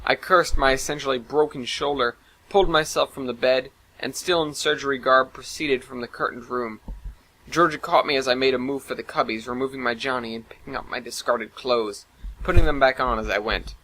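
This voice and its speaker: A man's voice: medium pitch, fairly even intonation, brisk, sharp tone, a little hiss or hum, rough recording. A man narrating a first-person science fiction story in an earnest, dramatic reading.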